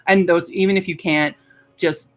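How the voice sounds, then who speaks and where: A woman livestreamer chatting casually with her viewers, rambling and filling pauses with lots of ums and uhs. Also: on the low side, steady tone. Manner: chatty and rambling, with many fillers. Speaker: livestreamer greeting chat. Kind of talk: casual live-stream chat.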